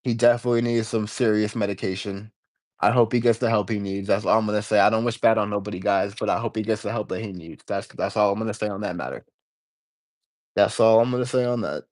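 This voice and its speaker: A man's voice: fairly low pitch, fairly even intonation, fast, darkish tone, dry recording. A man hosting a casual livestream, rambling in stops and restarts as he talks to his viewers. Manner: rambling, stop-start, reading out chat comments. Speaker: livestream host.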